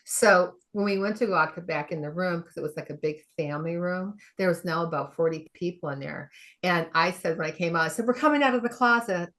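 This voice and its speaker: A middle-aged woman, a functional medicine practitioner, telling a story in an animated way, acting out the quoted dialogue and laughing often. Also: fairly low pitch, a little fast. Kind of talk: conversational storytelling.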